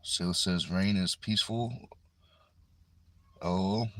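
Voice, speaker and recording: A man's voice: low voice, fairly even intonation, takes it slowly, fairly bright tone. A man hosting a casual livestream from inside a car, talking into a phone propped on the steering wheel and reading viewer comments aloud in an easygoing, chatty way. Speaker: livestream host. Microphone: phone resting on the steering wheel.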